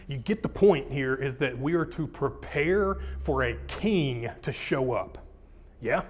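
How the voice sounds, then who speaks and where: Casual pastor teaching a sermon. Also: male voice, medium pitch, lively intonation, a little slow. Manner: casual, talks with the congregation, reads scripture with rising emphasis.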